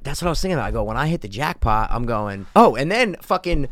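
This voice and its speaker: Fast-talking man swapping casino stories. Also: mid-range voice, no room sound, studio quality. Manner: profane, animated storyteller. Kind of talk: casual chat.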